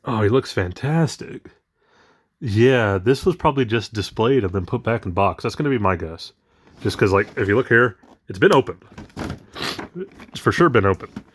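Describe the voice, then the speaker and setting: A man's voice: on the low side, animated, moderate pace, breathy edge. A man chatting casually while unboxing collectible toys, rambling with many fillers, his voice shaky with emotion. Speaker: toy collector vlogger.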